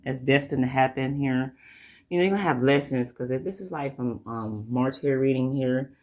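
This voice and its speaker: Southern man, tarot reader, casual rambling delivery, mid-range voice, drawls out the card messages slowly. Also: medium pitch, darkish tone. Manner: rambling, repeats "like I said" and "you know". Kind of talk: casual tarot reading to camera.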